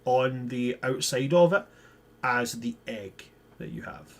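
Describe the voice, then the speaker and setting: A man narrating as game master of a tabletop game, jokey and quick to laugh while describing scenes. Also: medium pitch.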